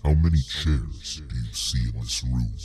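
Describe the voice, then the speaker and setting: A man voicing a cold, calmly menacing inhuman creature in a deep gravelly rumble, slow and matter-of-fact. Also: faint music behind.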